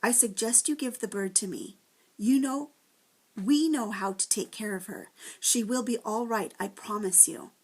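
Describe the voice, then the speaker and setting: A woman's voice: medium pitch, a little slow, darkish tone, husky. Woman reading as a bossy, scolding creature. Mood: calm. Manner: snappish and scolding. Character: tall, fussy, bossy male creature.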